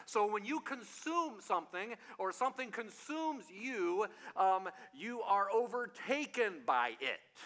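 A pastor delivers a relaxed, conversational sermon, circling back to key phrases and asking questions of his listeners. His voice sits a little high and rings bright. A long reverb trails his words through a large hall. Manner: repeats key phrases, asks rhetorical questions.

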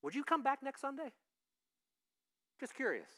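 A male pastor giving a conversational sermon, lively and acting out the voices he quotes. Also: very high-pitched, moderate pace. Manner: animated, acts out quoted voices.

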